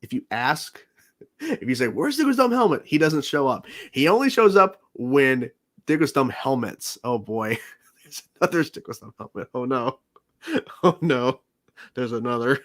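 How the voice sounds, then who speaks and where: A man's voice: medium pitch, lively intonation, moderate pace, a bit bright. Rambling man chatting on a livestream. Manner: laughs often, rambling with restarts and fillers. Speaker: livestream host. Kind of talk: casual livestream chat.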